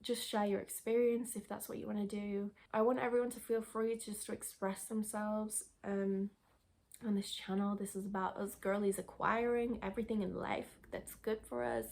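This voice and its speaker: A gravelly, slightly mellow mid-range voice with flat delivery and normal speed belongs to a young lifestyle vlogger. In a casual sit-down chat to camera, she rambles, restarts, and sounds a bit out of breath.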